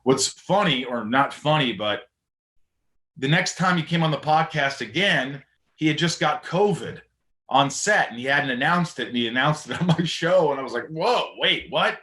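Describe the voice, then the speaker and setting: A man telling stories as a podcast guest, animated, acting out the voices of people he quotes. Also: medium pitch, normal speed, echoey room. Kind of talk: casual storytelling conversation.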